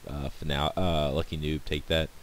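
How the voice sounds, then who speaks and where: A man's voice: a bass voice, flat delivery, normal speed, slight background noise. A young man co-casting a multiplayer game match he played in, talking in a laid-back, self-deprecating way over online voice chat. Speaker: co-caster and player. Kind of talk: casual game commentary.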